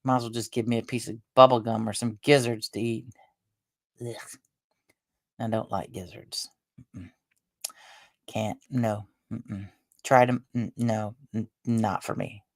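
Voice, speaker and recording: Woman, live-stream host, rambling and halting, tired, gravelly, dry close sound. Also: very deep voice, a little mellow, dry recording. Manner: meandering, halting talk with many restarts and fillers. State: tired and drained after a stressful day. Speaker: livestream host.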